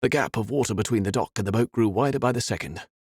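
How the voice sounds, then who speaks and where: A man reading a fantasy audiobook in an expressive, dramatic way. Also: fairly low pitch, fast talker, husky, dry recording, clean studio sound. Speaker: audiobook narrator. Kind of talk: scripted fantasy narration.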